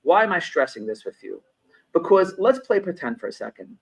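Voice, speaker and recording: Middle-aged male consultant from New York, fairly high voice, conversational podcast guest who teaches through anecdotes. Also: big pitch swings, fairly quick, gravelly, husky, rough recording. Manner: explains through personal anecdotes, repeats phrases for emphasis.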